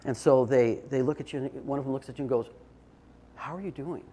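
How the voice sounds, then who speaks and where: A man's voice: mid-range voice, little pitch movement, fast talker, mellow, dull audio, a little hiss or hum. An older man giving a short, informal talk to an audience, telling stories in a conversational way with restarts and fillers. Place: indoor event space.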